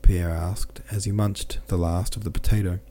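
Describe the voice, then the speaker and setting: A man reads a classic novel aloud as an audiobook narrator. His voice is low and mellow, and his delivery is steady and measured. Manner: steady, measured reading with small self-corrections.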